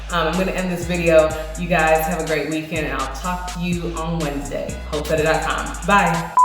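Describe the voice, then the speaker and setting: A woman's voice: low voice, steady tone, fairly quick. A woman vlogging about her hair in a chatty, conversational way, a little out of breath. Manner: chatty and conversational, full of fillers. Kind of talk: casual chat. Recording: very echoey room, faint music.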